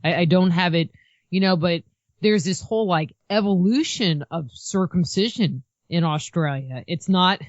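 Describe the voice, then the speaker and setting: A woman's voice: fairly low pitch, normal speed, dry recording. A woman guest on a podcast, talking casually in a rambling way full of "you know". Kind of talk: casual chat. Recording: muffled lo-fi dry sound.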